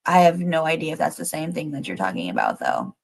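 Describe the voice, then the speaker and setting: A woman hosting a casual livestream, rambling excitedly with lots of fillers and the odd swear as she thinks aloud to her viewers. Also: deep voice, fast, vocal fry. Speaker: livestream host.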